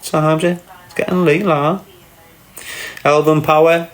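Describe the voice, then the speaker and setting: A man's voice: a little high, level tone, unhurried, roomy sound. A man hosting a casual livestream, answering chat comments with brash, sweary, mocking banter.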